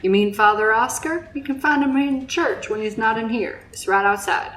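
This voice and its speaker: A woman's voice: medium pitch, a little hiss or hum, lightly acted. A woman doing a blunt village barkeep, odd accent. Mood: gossipy. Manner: quick, offhand, odd put-on accent. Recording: roomy echo.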